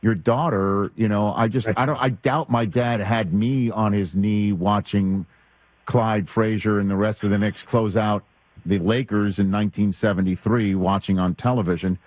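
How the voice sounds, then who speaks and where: A man in his fifties hosts a sports talk radio show, his voice fairly low. He speaks into a dry, close mic, chatting with callers and drifting into reflective asides. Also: steady tone, normal speed, darkish tone, no room sound. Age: 50s.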